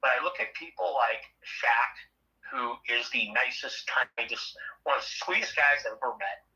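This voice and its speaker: A man's voice: medium pitch, normal speed, rough recording. A middle-aged man and former radio host, chatting casually and telling blunt, profane stories. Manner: blunt, profane, animated storyteller. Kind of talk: casual chat.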